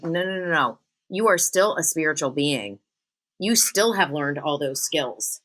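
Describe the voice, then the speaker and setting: A woman's voice: sits low, a bit bright. A woman hosting a solo spiritual podcast, earnest and encouraging as she talks straight to her listeners. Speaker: podcast host, spiritual medium.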